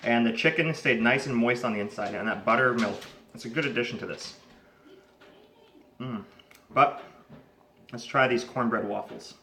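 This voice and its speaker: Bright-voiced man in an echoey kitchen. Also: mid-range voice, moderate pace, long pauses, a little hiss or hum. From Canada. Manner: chatty, talks while tasting food. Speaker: home cook and channel host. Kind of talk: casual cooking vlog. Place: home kitchen.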